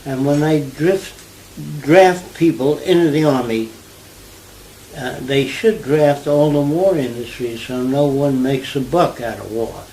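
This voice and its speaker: A man's voice: medium pitch, measured pace, rough recording. Older new guy telling stories in an interview, keeps asking if you get it, bit of room noise. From New York. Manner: animated storyteller, asks listener if they follow. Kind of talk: conversational interview.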